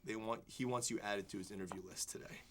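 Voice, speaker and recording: A young man, a film critic, telling an animated story in a studio interview, full of fillers and restarts. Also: on the low side, fast talker, background noise. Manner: excited, rambling anecdotes full of fillers and restarts. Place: television studio before a student audience.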